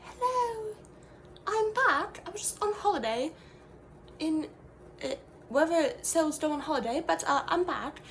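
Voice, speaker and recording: A woman's voice: very high-pitched, lively intonation, unhurried, long pauses, slight background noise, exaggerated voice. A woman voicing her own soul, a chirpy spirit back from holiday, in a breezy sing-song way.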